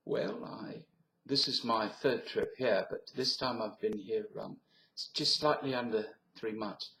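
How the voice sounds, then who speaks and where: A man's voice: lowish voice, a little slow, sharp tone, a little hiss or hum. A man voicing a polite, formal visitor, hesitating as he speaks. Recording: roomy webcam recording.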